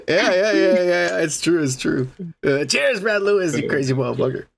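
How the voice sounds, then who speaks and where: A young man co-hosting a podcast, talking crudely and boastfully in a casual drunk chat with a raspy voice. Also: sits high, slight background noise. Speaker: podcast co-host.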